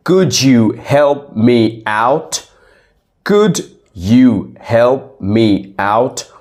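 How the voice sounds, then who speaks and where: A man playing a polite young male student who answers his teacher slowly and repeats each example phrase. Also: mid-range voice, darkish tone. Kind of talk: scripted classroom role-play.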